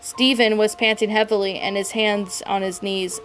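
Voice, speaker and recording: Female narrator, fan story reading, stumbles and restarts, music quietly underneath. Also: mid-range voice, fairly even intonation, normal speed. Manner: stumbling, self-correcting reading. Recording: faint background music.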